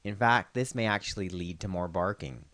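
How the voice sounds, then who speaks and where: A man working as a veterinarian host, explaining dog training in a calm, instructional way. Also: deep voice, normal speed, no echo. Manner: calm instructional, calling dogs loudly and praising them. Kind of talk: scripted narration with outdoor demonstration.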